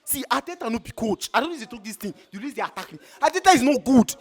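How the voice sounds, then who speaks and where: A man's voice: extremely high pitch, animated, quick pace. A man with a Nigerian Pidgin English accent, ranting in a heated, exasperated way as a football fan in a street reaction.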